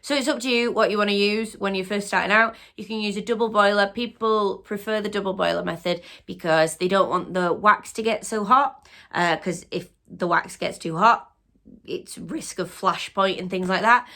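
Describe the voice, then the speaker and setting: A woman's voice: medium pitch, moderate pace, pushed and bright. A woman hosting her own channel, chatting upbeat to camera with frequent restarts as a small business owner. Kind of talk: casual chat to camera.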